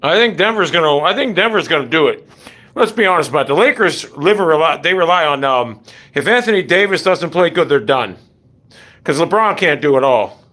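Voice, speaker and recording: A man talks in a loose, rambling way, jumping from one topic to the next with blunt, profane asides. His voice sits a little high for a man and swings widely in pitch as he goes. It sounds like casual stream chatter. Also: animated, fairly quick, bright, forceful tone.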